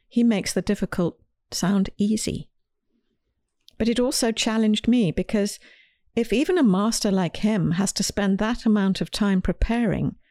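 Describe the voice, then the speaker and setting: A woman's voice: medium pitch, warm tone, no echo. Woman host with a dry close voice. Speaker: podcast host and children's author. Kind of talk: scripted podcast narration.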